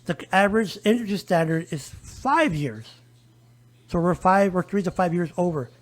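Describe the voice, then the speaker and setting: A man's voice: high-pitched, animated, normal speed. A man speaking as a guest advocate in a conversational podcast interview, emphatic and often turning to listeners with "folks" and "okay?". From El Paso area, US.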